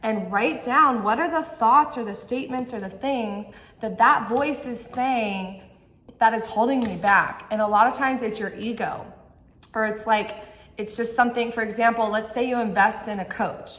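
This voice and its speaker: A woman's voice: on the high side, moderate pace, a bit bright. A woman giving a motivational talk to camera as a mindset coach, earnest and direct, often checking in with the viewer. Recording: echoey room.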